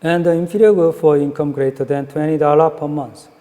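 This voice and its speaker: A man's voice: on the high side, steady tone, warm tone. Man lecturing in an echoey hall. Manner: halting, frequent fillers and checks like "right?". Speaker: economics lecturer. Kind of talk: classroom lecture.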